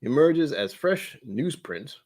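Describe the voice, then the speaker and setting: A man doing a pompous, posh English butler-like voice, reading with plummy, measured theatrical delivery. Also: fairly high pitch, sing-song, a little mellow, breathy edge, full character voice.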